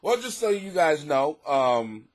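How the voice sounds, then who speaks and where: A man from the United States talks in a high, very lively voice, hosting his own comedy podcast from a home basement. He rambles and swears freely, dropping to quiet mutters and then rising to near-shouts. He laughs often as he talks. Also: a little slow. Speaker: podcast host, struggling comic. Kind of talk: casual comic monologue.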